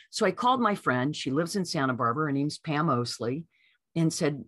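A woman being interviewed as an author, telling a personal story in a lively way and acting out what people said. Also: sits low, fairly quick, breathy edge, no room sound, clean studio sound. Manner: lively storyteller who acts out quoted voices. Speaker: author guest.

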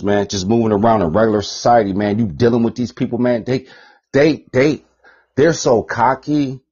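Profane ranting man, husky lo-fi voice. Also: medium pitch. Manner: profane, rambling, repeats phrases, swings between loud and muttered. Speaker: podcast host. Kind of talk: ranting monologue. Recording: dull lo-fi podcast recording.

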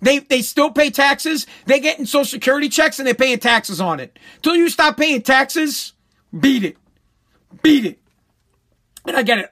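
A middle-aged man with a strikingly high voice tears into his subject as a talk host. He is blunt and profane. He repeats short phrases to drive each point home. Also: expressive, normal speed, fairly bright tone. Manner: blunt, repetitive, profane ranting. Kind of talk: profane political rant.

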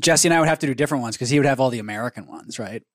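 An easygoing man in casual podcast talk, telling stories with plenty of fillers. Mid-pitched voice, close and dry with no room sound. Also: racing, dry recording. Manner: easygoing storyteller, many fillers. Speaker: podcast co-host. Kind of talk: casual chat.

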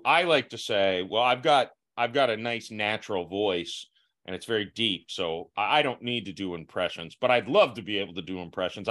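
A man's voice: fairly low pitch, fairly bright tone. A young man hosting a podcast in casual chat, stopping and restarting his thoughts with self-mocking asides. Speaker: podcast host.

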